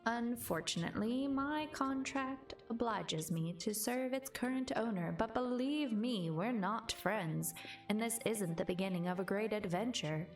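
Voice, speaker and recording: A woman's voice: a little high, measured pace, recorded from a distance, soft background music, pitched above the performer's own voice. A woman voicing a grumpy male magic cat who guards an old tavern, speaking in a haughty, scornful way. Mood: grudging.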